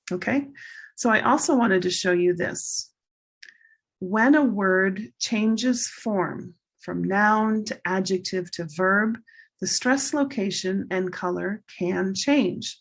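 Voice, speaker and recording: A woman teacher slowly and carefully drilling English pronunciation in a recorded lesson. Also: mid-range voice, breathy edge. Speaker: ESL teacher.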